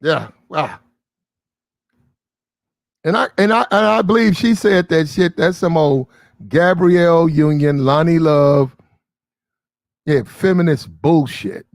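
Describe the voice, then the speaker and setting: A man hosting a livestream offers casual commentary, blunt and disbelieving, swearing freely. His voice is fairly high, slow and full of pauses. The sound is dry and close, with no echo.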